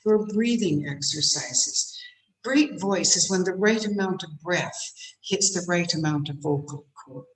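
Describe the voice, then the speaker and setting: A woman giving a motivational speech on voice to a women's club, shifting between soft, drawn-out phrases and forceful ones. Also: on the low side, rough recording. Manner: demonstrates tense and relaxed voices. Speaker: guest speaker. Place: meeting room.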